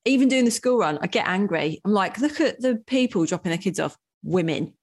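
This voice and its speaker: A woman's voice: mid-range voice, animated, fairly quick. A young woman co-hosting a podcast, venting heatedly in casual chat and swearing. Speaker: podcast co-host.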